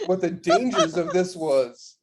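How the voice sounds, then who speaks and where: A man co-hosting a casual podcast, telling a story in a relaxed, rambling way with restarts and casual swearing. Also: high-pitched, measured pace. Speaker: podcast co-host.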